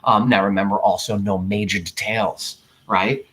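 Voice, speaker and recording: A male teacher giving a writing lesson in an animated way, acting out small examples for his students. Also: lowish voice, normal speed. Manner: animated, playfully acts out examples.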